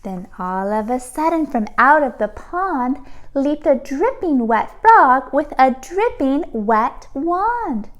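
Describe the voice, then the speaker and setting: A woman teacher reading a storybook aloud to children, expressive and pausing to ask the listeners questions. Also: high voice.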